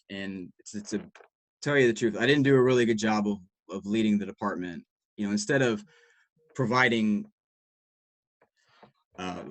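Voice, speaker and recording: A man's voice: lowish voice, dry recording. A man, a sports dietitian, giving a candid, reflective talk to practitioners, telling work stories casually and swearing now and then.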